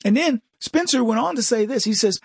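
Man, husky, dry close sound, mocking political talk, chuckling asides. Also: extremely high pitch, lively intonation, fairly quick, no room sound. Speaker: political commentary host. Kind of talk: casual political commentary monologue.

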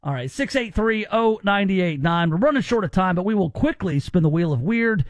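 A man's voice: high-pitched, lively intonation, moderate pace, dry recording. A man hosting a talk radio show, chatting casually and rambling with restarts.

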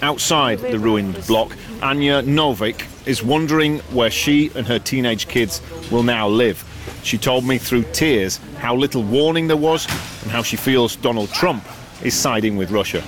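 A male news correspondent reporting from outside a damaged apartment block in a measured, sober way. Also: mid-range voice.

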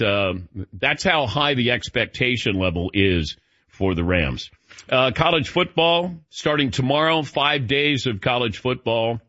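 A man's voice: on the low side, sharp tone, no room sound. A man hosting a sports radio show, chatting casually, joking and telling anecdotes. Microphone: studio mic. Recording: dull, dry studio sound.

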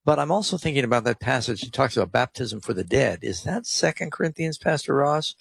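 A male radio Bible host answers a caller from the studio. He reads verses out with careful stress, and his voice is husky and gravelly, recorded dry and close. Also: mid-range voice, animated, brisk, no echo. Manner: reads scripture aloud with stressed emphasis.

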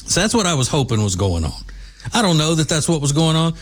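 A man's voice: on the high side, very animated, fast talker. A man from the United States hosting an opinionated commentary monologue, emphatic and combative, hammering his points home through repetition. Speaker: political commentary host.

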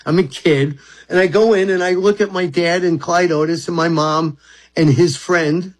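A man's voice: a little high, steady tone, normal speed, rough recording. A man in his seventies, a talk-show guest from Brooklyn, telling rambling, earnest stories about his spiritual life. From Brooklyn, New York. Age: 70s. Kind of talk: reflective storytelling.

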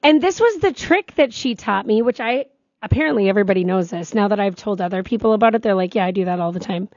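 A woman's voice: medium pitch, fast talker, no room sound, dull audio. Chatty woman co-hosting a talk show. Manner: chatty, storytelling, animated. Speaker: radio co-host. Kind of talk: casual on-air chat.

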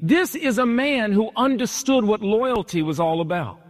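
A man pastor preaching a sermon, retelling a story with animated, emphatic repetition, in a church hall. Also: sits high, normal speed. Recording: long hall reverb.

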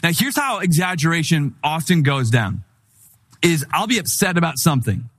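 A middle-aged man preaching a sermon in a conversational, humorous style, telling animated stories. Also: on the high side, normal speed, breathy edge. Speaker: pastor.

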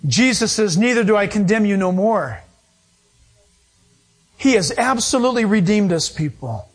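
Animated high-pitched male preacher. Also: moderate pace, soft background music. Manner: animated, acts out quoted voices, emphatic preaching. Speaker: pastor. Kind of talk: sermon.

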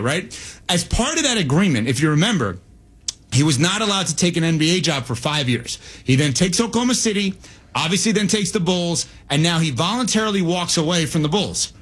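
High-voiced, breathy male sports radio host. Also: fairly quick. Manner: animated, talkative, breaks into quoted asides.

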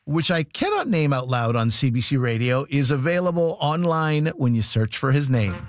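A man's voice: mid-range voice, sing-song, moderate pace. A man hosting a radio comedy show, reading scripted announcements in an upbeat announcer manner. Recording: studio voice-over with music bed.

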